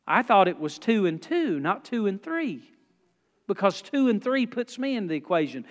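A man preaching a sermon, folksy in his storytelling, dropping to a hush and then rising loud. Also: high voice, very animated, normal speed, big-room sound. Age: 40s. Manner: folksy, swings from hushed to loud. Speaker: pastor.

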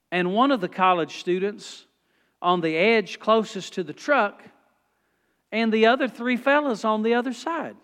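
A man preaching a sermon, folksy in his storytelling, dropping to a hush and then rising loud. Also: sits high, measured pace, clear, resonant tone, big-room sound. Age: 40s. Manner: folksy, swings from hushed to loud. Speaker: pastor.

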